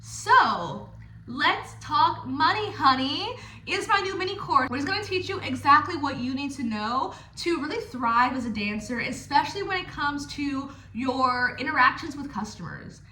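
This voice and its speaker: Young woman, high bright voice, blunt and profane, casual advice, echoey room. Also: expressive, moderate pace, hardly any pauses, slight background noise. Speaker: stripper coaching other dancers. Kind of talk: casual direct-to-camera advice.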